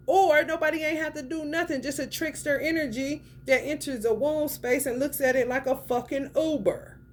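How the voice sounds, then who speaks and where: A young woman giving a casual tarot reading, blunt and profane, full of slang, swinging from loud outbursts to low mutters. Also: a little hiss or hum. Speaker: tarot reader.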